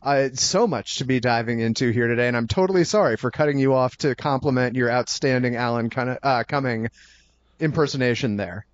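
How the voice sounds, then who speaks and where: A man's voice: medium pitch, a little fast, no room sound, lo-fi sound. A man hosting a casual podcast chat, rambling and apologetic, often tripping over his words. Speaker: podcast host.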